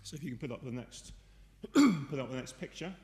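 A man's voice: mid-range voice, lively intonation, normal speed, darkish tone, big-room sound. A man preaching a sermon in a conversational way, often asking his listeners rhetorical questions. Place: church.

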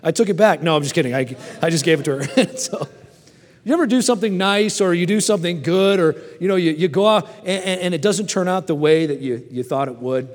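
A man's voice: on the high side, fairly quick. A man in his forties preaching a sermon and telling personal stories in a folksy way, often stammering and restarting, and asking the audience questions. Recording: long hall reverb.

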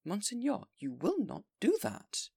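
A man doing a frantic high-pitched mayor. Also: huge pitch swings, a little slow, vocal fry, mellow, breathy edge, no echo, clean studio sound, heavily acted. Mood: anxious pleading. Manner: pleading, alarmed. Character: frantic middle-aged male town mayor, fearful.

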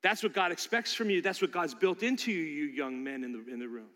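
A man preaching a sermon, emphatic and swinging from loud declarations to hushed appeals. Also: a little high, fairly quick, big-room sound.

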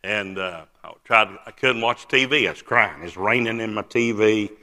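An older man preaches a personal testimony in a sharp, very bright voice. He tells it earnestly, with frequent "uh" pauses. His words ring out with a long reverb through a big church hall. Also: fairly low pitch. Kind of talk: testimony sermon. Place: large church sanctuary.

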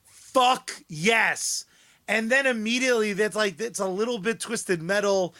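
A man's voice: sits high, a little slow, sharp tone. A man co-hosting a comics podcast, sardonic and profane, laughing often in casual chat. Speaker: podcast co-host.

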